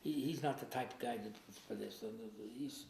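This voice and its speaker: A man being interviewed, recounting past events in a halting way, often trailing off quietly. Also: medium pitch, gravelly. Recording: echoey room with faint noise.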